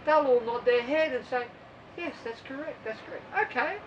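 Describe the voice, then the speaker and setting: A woman's voice: high voice, fairly bright tone, recorded from a distance, muffled recording. Woman swim coach, blunt and outspoken, talking to a squad; recorded off-mic, faint road noise. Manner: blunt, emphatic, mocks other coaches' methods. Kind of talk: informal coaching talk to athletes.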